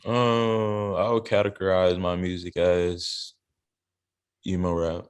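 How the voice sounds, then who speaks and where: Young male rapper, very low voice, laid-back slangy storyteller, from South Carolina. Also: little pitch movement, slow, smooth. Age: young adult. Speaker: rapper, interview guest. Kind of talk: casual interview chat. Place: interview studio.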